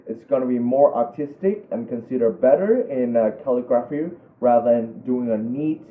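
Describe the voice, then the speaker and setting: A young man whose first language is Vietnamese teaches brush calligraphy in a casual tutorial, halting often with fillers and restarts. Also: mid-range voice, reverberant. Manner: halting, many fillers and restarts, friendly asides. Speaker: calligraphy instructor. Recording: tinny phone-like audio.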